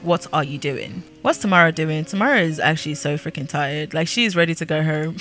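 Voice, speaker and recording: Bright-voiced sassy young woman gamer. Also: deep voice, a little fast, faint music behind. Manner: chatty, sassy, laughs often. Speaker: gaming YouTuber. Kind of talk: casual game commentary.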